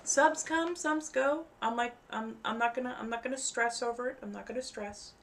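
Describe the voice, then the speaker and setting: Woman rambling on a live stream with fake fangs in, careful crisp-ish diction. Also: fairly high pitch, flat delivery, fast, fairly bright tone, a little hiss or hum. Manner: chatty, rambling, careful enunciation; speaks with costume fangs in. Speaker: livestream host. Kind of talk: casual live-stream chat.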